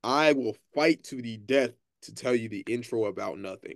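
A man's voice: medium pitch, normal speed, creaky, no echo, studio quality. A man co-hosting a casual podcast, talking boldly and emphatically with plenty of swearing. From Texas, USA. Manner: bold, emphatic, profane. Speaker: podcast co-host. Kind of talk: casual chat.

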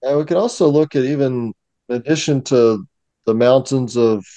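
A man's voice: mid-range voice, moderate pace, dry recording. A man, a museum curator, talking casually and knowledgeably as a guest in a discussion. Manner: knowledgeable, explanatory, steady.

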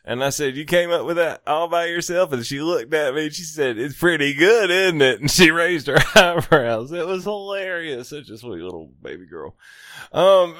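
A man's voice: a little high, a bit bright, dry recording, clean studio sound. A man hosting a casual radio show, rambling and chuckling, with casual swearing as he tells a story. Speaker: radio host.

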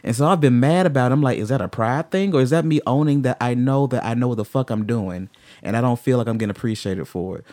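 A man in candid conversation who swings from brooding and low to loud and fired up, swearing freely. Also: dry recording.

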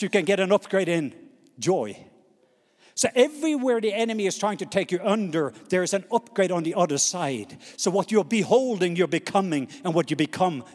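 A man preaching a sermon, reading scripture slowly and having the congregation repeat words back. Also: high-pitched, darkish tone. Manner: call-and-response, has the congregation repeat words; slows down to read scripture dramatically. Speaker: pastor. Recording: long hall reverb.

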